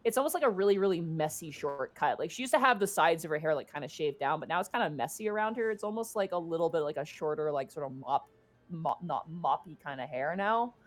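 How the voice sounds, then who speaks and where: A woman's voice: deep voice, expressive, quick pace. A woman narrating a tabletop game as game master, casual and rambling, with lots of "like" and "uh".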